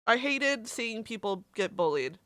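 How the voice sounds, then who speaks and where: A woman's voice: a little high, very animated, a little slow, fairly bright tone, no room sound. A woman streamer chatting casually on a livestream and reading messages aloud, candid and emotional, swearing and laughing easily.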